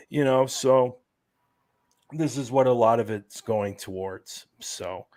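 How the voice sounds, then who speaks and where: A man's voice: mid-range voice, takes it slowly, darkish tone. A man talking as a guest on a casual podcast, laying things out in a loose, rambling way and padding his sentences with fillers. His voice sits in an ordinary middle register, and it sounds dry and close, with no room echo. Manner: rambling, explaining, many fillers. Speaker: guest, event organizer.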